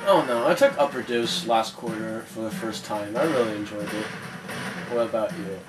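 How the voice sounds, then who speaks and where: A man's voice: lowish voice, normal speed, over music. A young man in college telling a rambling, profane story while chatting casually over gameplay. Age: young adult. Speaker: gamer and podcast-style co-host.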